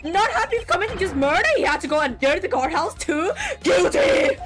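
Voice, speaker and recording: Woman doing a shrill, flustered old judge. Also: big pitch swings, fairly quick, music in the background. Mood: outraged. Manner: shrill outbursts, flustered and indignant. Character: excitable elderly male courtroom judge. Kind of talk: voice acting a video game script aloud.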